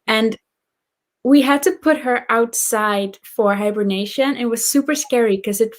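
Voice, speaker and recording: A woman's voice: on the high side, a little slow. A woman chatting casually on a live stream, telling anecdotes with hesitations. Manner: storytelling, hesitant with fillers. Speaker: booktuber co-host.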